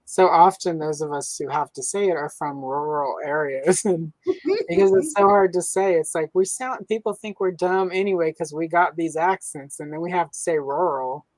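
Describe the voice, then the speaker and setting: A woman from the American South hosting a casual podcast chat, telling joking stories in a relaxed, drawling way. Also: low voice, moderate pace, dry recording, low-quality recording. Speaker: host. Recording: dry close-miked sound.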